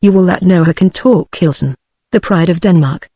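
A British English text-to-speech female voice reading the lines of a jovial male sea captain announcing a fight, flat and synthetic. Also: on the low side, normal speed, slightly rough, no echo, clean studio sound. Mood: grandiose.

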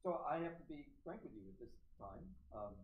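A man's voice: mid-range voice, expressive, brisk, phone-quality sound. A man in his sixties, a seminary president giving a reflective convocation address with frequent ums and restarts. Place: large meeting hall, indoors. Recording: echoey hall.

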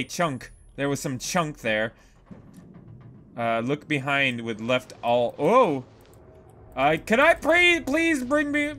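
Jumpy, high-pitched horror gamer man. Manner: jumpy, loud exclamations and cursing; swings between shouting and muttering. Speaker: gaming YouTuber. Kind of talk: horror game let's play commentary.

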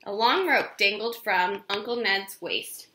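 A woman reading a children's chapter book aloud in an expressive, animated way. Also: mid-range voice, unhurried, roomy sound, background noise. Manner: expressive, animated read-aloud with character voices.

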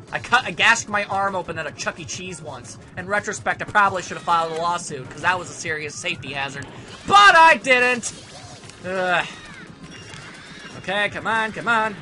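A young man giving casual, sarcastic gameplay commentary, grumbling at the game and now and then bursting into shouts. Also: high-pitched. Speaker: let's play commentator. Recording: faint game music behind.

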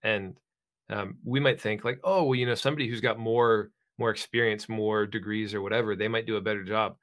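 A young man co-hosting a podcast, speaking in a relaxed, affirming, conversational way. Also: lowish voice, fairly quick. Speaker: podcast co-host. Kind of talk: casual conversation.

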